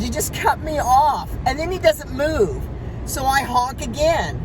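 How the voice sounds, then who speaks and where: A woman vlogger telling a story about her day in an animated, exasperated way. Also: sits high. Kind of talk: storytime monologue. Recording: steady traffic noise behind.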